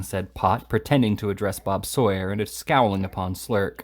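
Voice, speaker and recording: A man reads a classic novel aloud in a low, steady voice. He narrates plainly, with the odd stumble and restart. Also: moderate pace, few pauses. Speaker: reader.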